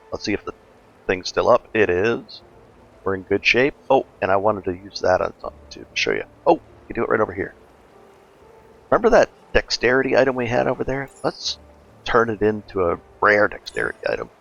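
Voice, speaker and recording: A man casually narrating a gameplay walkthrough as a gaming guide host, relaxed and chatty, thinking aloud with fillers. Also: lowish voice, brisk, gravelly, muffled recording.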